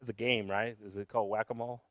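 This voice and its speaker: A man preaching a sermon, telling a personal story with big swings from loud shouting down to a near whisper, sometimes switching to Spanish for the congregation. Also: on the low side, little pitch movement, quick pace, no room sound, clean studio sound. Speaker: pastor.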